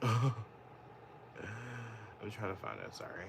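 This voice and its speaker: A man's voice: deep voice, very animated, slow pace, gravelly, heavy background noise. A man doing live political commentary, rambling, profane and full of "like", getting heated and indignant. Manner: profane, rambling, heavy use of "like". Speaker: political livestreamer.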